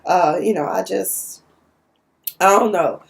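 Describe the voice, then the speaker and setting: A woman's voice: fairly low pitch, slow, gravelly. A young woman from Dallas, sassily recapping a TV episode in a casual, outspoken way. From Dallas, Texas. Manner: sassy, outspoken, cussing.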